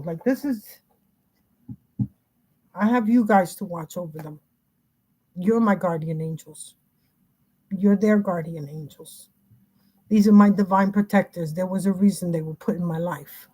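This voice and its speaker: A woman's voice: mid-range voice, darkish tone. Agitated, rambling middle-aged woman livestreaming. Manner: agitated, rambling, restarts often. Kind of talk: casual livestream talk. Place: home.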